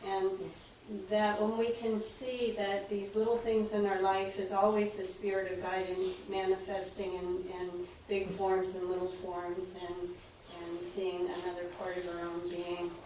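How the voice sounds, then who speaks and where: A woman at a seminar shares a personal story in a soft, hesitant, reflective way. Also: mid-range voice, completely flat delivery, measured pace, heavy reverb, recorded from a distance, a little hiss or hum, low-quality recording. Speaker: seminar participant. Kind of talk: personal sharing.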